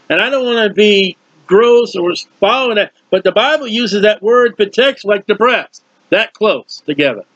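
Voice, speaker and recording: A man preaching a verse-by-verse Bible teaching, animated and questioning his listeners. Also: sits high, dry recording. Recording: dull lo-fi dry recording.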